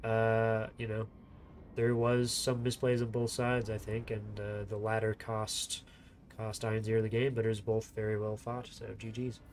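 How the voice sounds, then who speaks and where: A man's voice: fairly low pitch, completely flat delivery, unhurried, a little mellow, slight background noise. A man with a nasal, congested voice giving rambling, self-deprecating live-stream commentary on a strategy game tournament. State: congested sinuses.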